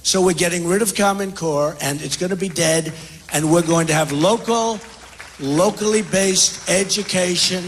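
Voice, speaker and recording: A man's voice: high voice, normal speed, a crowd in the background, noisy background. An older man answering questions at a town hall, repetitive and boastful, talking off the cuff. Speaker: presidential candidate at a town hall. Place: large indoor hall with audience.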